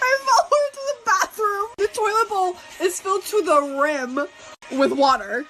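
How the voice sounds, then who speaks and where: A young woman with a very high voice tells a story in a lively, amused way. Faint music plays behind her. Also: normal speed. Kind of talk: casual storytime video.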